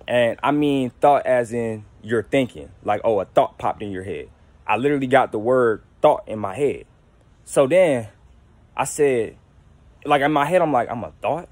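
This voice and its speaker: A man's voice: medium pitch, moderate pace, a little mellow, no echo. Slangy young man talking candidly. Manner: slangy, candid, rambling with restarts. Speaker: YouTuber. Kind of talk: casual spiritual monologue to camera. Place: at home.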